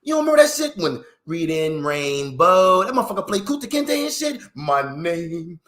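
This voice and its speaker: Full of swearing, slang and rhetorical questions, a man's animated vlog rant rambles from point to point. His high voice comes fairly quickly, echoing in a roomy space.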